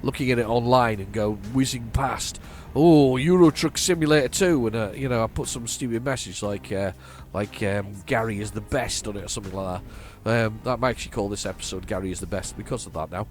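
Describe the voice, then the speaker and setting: A man's voice: lowish voice, fast talker, hardly any pauses. Rambling northern English man gaming. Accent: flat northern English. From northern England. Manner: rambling and chatty, trails off in repeated restarts. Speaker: gaming channel host. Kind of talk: casual let's-play commentary.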